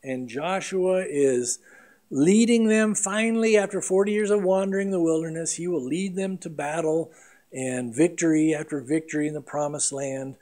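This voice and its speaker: A middle-aged man preaching a sermon as pastor, earnest and emphatic, with big swings between loud and quiet. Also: on the high side, moderate pace.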